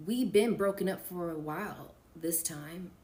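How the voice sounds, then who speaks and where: A woman reading a story aloud, voicing a volatile, controlling man on the phone who swings between pleading and defensiveness, in a lower-pitched voice. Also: a little slow, roomy sound, natural voice. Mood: guarded. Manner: pleading and defensive, flaring into shouting.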